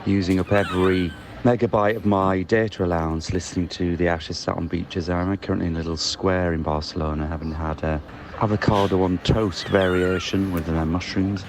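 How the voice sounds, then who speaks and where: A man's voice: low voice, steady tone, brisk. A man co-hosting a podcast in casual chat, talking in a wry, observational way from outdoors in a city square. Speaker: podcast co-host. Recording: outdoor street noise. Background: street and traffic noise.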